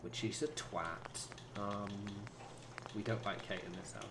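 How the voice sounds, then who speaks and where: A man's voice: lowish voice, a little slow, very noisy. A man streaming a game, chatting casually in a rambling, sweary way with lots of fillers. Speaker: gaming streamer. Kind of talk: casual chat while playing.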